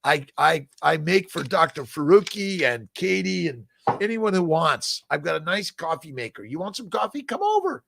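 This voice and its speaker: Upbeat older man with a gravelly voice. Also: a little high, lively intonation, moderate pace, sharp tone, dry recording. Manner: upbeat, encouraging, folksy with frequent "right?". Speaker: host answering viewer questions. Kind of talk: casual live-stream Q&A, reading comments.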